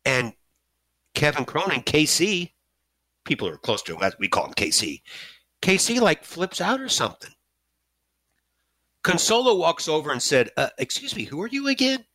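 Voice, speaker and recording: Animated middle-aged man telling a story. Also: a little slow, long pauses, dry recording. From St. Louis area, USA. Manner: animated, self-mocking, jumps high when excited. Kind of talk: casual personal storytelling.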